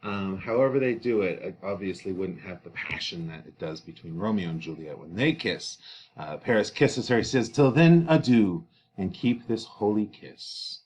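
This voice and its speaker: A man's voice: normal speed, a little hiss or hum. A man teaching a play, reading its lines aloud and then paraphrasing them casually. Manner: reads quoted lines louder and higher, then paraphrases casually; conversational with fillers.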